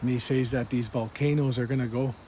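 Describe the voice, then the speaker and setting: Earnest man with a mellow voice. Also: mid-range voice, fairly even intonation, fairly quick, a little hiss or hum. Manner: earnest, repetitive, quotes the speaker in the dream again and again. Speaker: person giving a religious testimony. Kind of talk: personal testimony retelling a dream.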